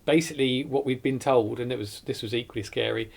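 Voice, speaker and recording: A man's voice: medium pitch, fairly even intonation, fast talker, vocal fry, darkish tone. A man, earnestly recounting his hospital ordeal in a documentary interview, often correcting himself as he goes. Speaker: survivor telling his story.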